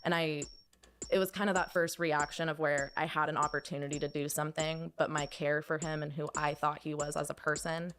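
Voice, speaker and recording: Young woman, deep-ish voice, telling a hard story, lots of likes and stops. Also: level tone, a little fast, a bit bright, slight background noise. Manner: hesitant, lots of "like" and restarts. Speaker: podcast guest. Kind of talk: personal storytelling.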